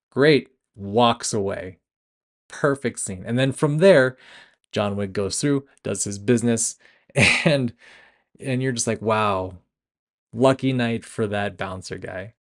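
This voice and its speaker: A young man hosting a casual film review podcast, retelling scenes with laughs, restarts and self-corrections. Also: on the low side. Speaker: podcast host. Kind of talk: casual movie review chat.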